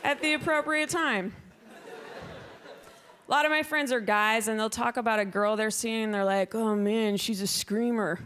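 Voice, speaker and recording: A young woman doing a stand-up comedy set on a club stage, speaking dryly into a handheld mic and jumping into shrill, loud put-on voices. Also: steady tone, normal speed, long pauses, a little hiss or hum.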